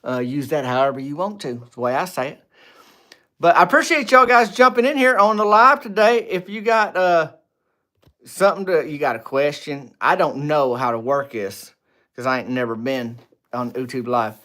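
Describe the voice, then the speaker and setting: A man hosting a casual livestream, rambling and joking with viewers, swinging between loud greetings and low asides. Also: normal speed. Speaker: livestream host. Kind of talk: casual live chat with viewers.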